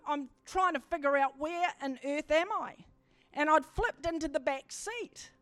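A woman giving a sermon testimony, telling her story with animated storytelling that builds into fervent exhortation. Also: sits high, no echo. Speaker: preacher.

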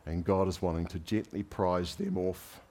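Man, pastor, relaxed sermon, lowish voice, storytelling, gentle humor. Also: normal speed. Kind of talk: conversational sermon.

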